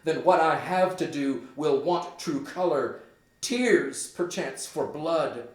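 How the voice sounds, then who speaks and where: A man reading the part of a frantic young prince who sees his father's ghost, declaiming loudly and urgently. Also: slow, natural voice. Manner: loud, high, urgent declaiming. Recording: roomy echo.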